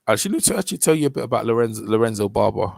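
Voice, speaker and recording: This Londoner runs a boxing channel and talks loosely over fight footage, wandering off topic, restarting sentences and leaning on fillers. His voice is fairly low and gravelly, darkish and slightly rough, with big pitch swings and a very fast pace, recorded with no room sound.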